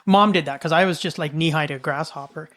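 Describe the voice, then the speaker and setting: A middle-aged woman co-hosting a podcast, telling a childhood farm story in a casual, animated way. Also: low-pitched, fast talker. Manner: animated storyteller, shrieks when quoting her mother. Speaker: podcast co-host.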